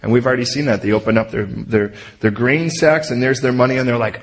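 A man teaching a sermon verse by verse, animated, often acting out the characters' lines in his own voice. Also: medium pitch, fast. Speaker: pastor.

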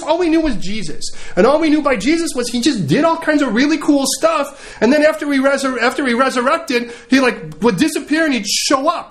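A man preaching a sermon. He tells stories with humor and acts out the scenes as he goes. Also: very high-pitched. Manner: animated, humorous storytelling, acting out scenes.

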